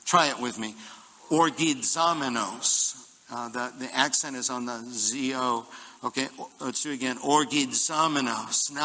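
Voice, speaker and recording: Pastor, male, bright forceful voice, upbeat joking sermon, long hall reverb. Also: on the high side. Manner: lively, jokey preaching with congregation call-and-response. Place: church hall.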